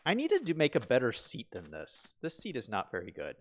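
A man with a mid-range voice whose pitch swoops wildly live-streams a building game, talking fairly quickly. He chats casually as he plays, asking himself questions and reading viewer comments aloud.

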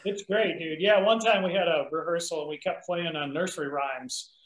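A man's voice: fairly high pitch, normal speed, fairly bright tone. A man, a musician guest, chatting casually in an interview and laughing often. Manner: laid-back, laughs often. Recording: roomy echoey sound.

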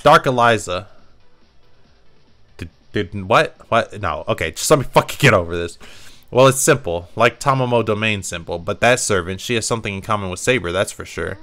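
Profane, excitable young gamer man. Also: fairly low pitch, normal speed, soft background music. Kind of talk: let's play commentary.

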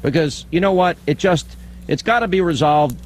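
A man's voice: on the high side, animated, moderate pace, a little hiss or hum, low-quality recording. A man giving a firm talk radio monologue, stating his position in short, emphatic sentences. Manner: assertive, emphatic. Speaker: radio host.

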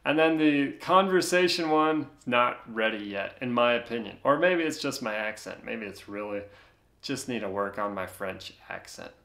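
A man's voice: mid-range voice, moderate pace, vocal fry. A man with an American accent hosting a tech tutorial, explaining casually and talking straight to viewers. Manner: relaxed, chatty, talks straight to viewers.

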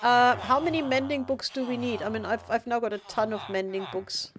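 A woman's voice: on the high side, steady tone, a little fast. Chatty woman streaming a game. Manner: chatty, rambling with fillers and restarts. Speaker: streamer host. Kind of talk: casual gaming stream chat.

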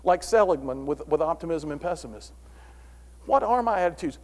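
A man's voice: a little high, a little fast. A middle-aged man giving a motivational philosophy talk to an audience, telling stories and acting out the dialogue. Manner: animated storyteller, acts out dialogue. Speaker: philosophy speaker. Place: large room before an audience. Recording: long hall reverb.

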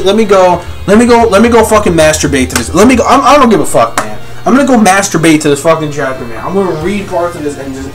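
A man reviewing a manga chapter as a live reaction, talking in an excitable, profane way and breaking into yells. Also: a little high. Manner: excitable, profane, yelling in bursts.

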